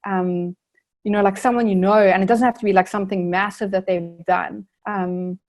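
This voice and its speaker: A woman's voice: mid-range voice, fairly even intonation, moderate pace, a little mellow. Earnest young woman, rambling and reflective. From South Africa. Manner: earnest, reflective, many fillers like "like" and "um". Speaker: guest, Olympic rower. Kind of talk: casual interview answers.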